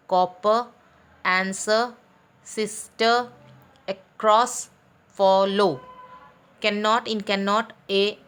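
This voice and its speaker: A woman teaching an online class for young pupils, talking deliberately, spelling out letters and pausing with fillers. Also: mid-range voice, fairly bright tone. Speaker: school teacher.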